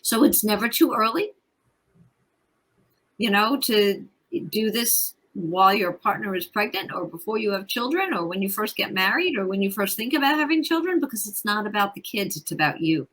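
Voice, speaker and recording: A woman's voice: medium pitch, animated, moderate pace, fairly bright tone, low-quality recording. A woman in her forties, a parenting coach speaking as a guest in a casual interview, emphatic and repeating her key points.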